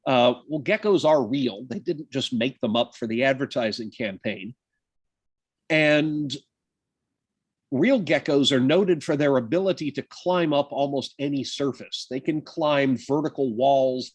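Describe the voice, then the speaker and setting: A man's voice: mid-range voice, a little slow, breathy edge, dry recording. A man giving a college biology lecture in a conversational way, with many fillers and joking asides. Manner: conversational, lots of uh and um, self-deprecating asides. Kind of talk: university lecture.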